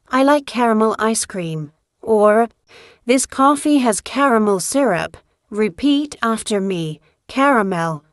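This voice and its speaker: A woman teaches English in a slow, carefully paced voice, saying each example sentence clearly so it can be repeated. The sound is dry and close, with no room echo. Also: on the high side. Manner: clear, deliberate, model-sentence delivery. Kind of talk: slow scripted language lesson.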